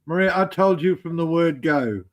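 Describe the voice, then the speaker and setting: A man's voice: fairly high pitch, lively intonation, normal speed. A man co-hosting a casual live-stream chat, teasing and joking with wry asides.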